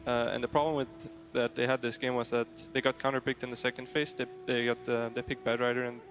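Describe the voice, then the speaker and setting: A man's voice: mid-range voice, flat delivery, fast. A man working as an esports analyst on a panel, thoughtful and hesitant, with frequent fillers.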